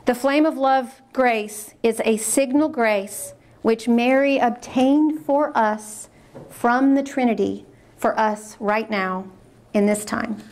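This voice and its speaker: A woman's voice: a little high, slow pace, darkish tone. A woman speaking at a religious conference, reading diary passages aloud and commenting on them in an earnest way, repeating words when she is moved.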